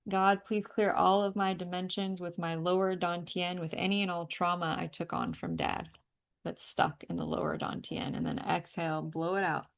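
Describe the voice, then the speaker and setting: A woman with a low, gravelly voice guides a group through a healing session. She coaches breathing and tapping in an emphatic, outspoken way and does not shy away from swearing. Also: fairly even intonation, normal speed. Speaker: energy healing facilitator. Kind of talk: guided energy clearing session.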